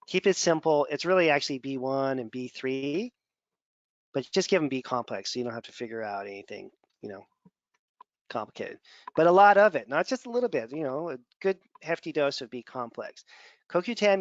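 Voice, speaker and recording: A man's voice: mid-range voice, dry recording. A man teaching a class over slides in a casual, digressive way, often repeating words while he thinks. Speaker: functional medicine instructor. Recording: dull, dry lo-fi sound.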